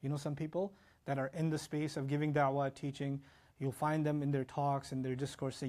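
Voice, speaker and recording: A man giving an animated Quran lecture as an Islamic teacher, reciting Arabic verses between explanations. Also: a little high. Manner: animated, fast-talking, mixes in Arabic recitation.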